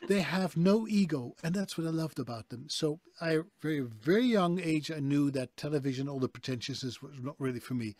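A man from Europe speaks as an interview guest, with a voice a touch higher than most men's. His storytelling is emphatic and stacks up intensifiers. The sound is dry and close, with no room around it. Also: a little fast, few pauses, darkish tone, no room sound. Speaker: guest, voice actor and coach. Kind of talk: conversational interview.

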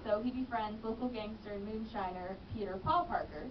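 A woman's voice: medium pitch, a little fast, slight background noise. A young woman, an actress and business manager, chatting in a radio interview and laughing easily. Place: radio studio. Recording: distant, muffled radio studio audio.

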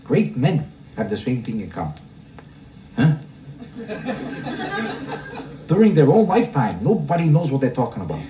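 Kvetching stand-up comedian, roomy live recording. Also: male voice, medium pitch, brisk. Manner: deadpan kvetching delivery, rhetorical questions to the crowd. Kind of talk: stand-up routine before a live audience. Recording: roomy live club recording, mic heard from a distance. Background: audience laughter.

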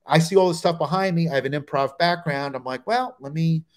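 A middle-aged man with a slightly higher voice tells a road story, bouncing between narration and snatches of quoted voices. He is from New Jersey and speaks as a comedian guest on a video call show. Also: quick pace.

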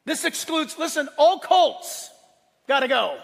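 A male pastor preaching a sermon, swinging between loud, emphatic declarations and quiet asides. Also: extremely high pitch, animated, measured pace, creaky. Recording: long hall reverb.

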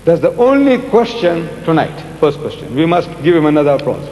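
An older man answering audience questions in a public debate, animated and rhetorical, repeating words for emphasis. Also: on the high side, fairly quick, background noise. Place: large lecture hall. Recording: echoey hall with faint music.

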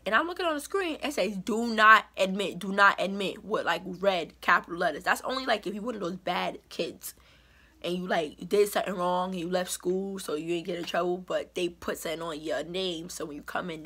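A woman's voice: on the low side, fairly quick, fairly bright tone, husky. A young woman vlogger telling a storytime in an emphatic, indignant way. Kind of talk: storytime vlog.

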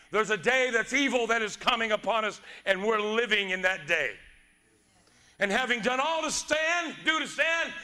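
A male pastor preaching with fervor, swinging from shouted lines to hushed, quiet passages. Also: very high-pitched. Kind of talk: sermon.

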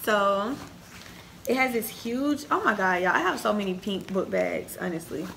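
A young woman rattles on to her viewers, chatty and easily excited. Her voice sits at a middling pitch, crisp and bright, with a gravelly fry running through it. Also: moderate pace, slight background noise. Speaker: haul vlogger. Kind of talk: casual chat to camera.

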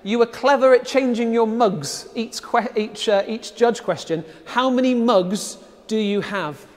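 A man's voice: very high-pitched, a little slow, in a large hall. A man hosting a live-streamed competition final, chatting casually with many ums. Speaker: host.

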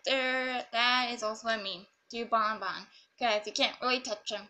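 A woman's voice: on the high side, fairly even intonation, normal speed, few pauses, sharp tone. A woman rambling and joking through casual gameplay commentary. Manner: rambling, silly and jokey. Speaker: gamer.

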